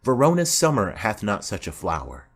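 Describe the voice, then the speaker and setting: A man's voice: on the low side, huge pitch swings, heavily acted. A man voicing a formal, commanding noblewoman mother in an audiobook play reading. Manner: formal, measured.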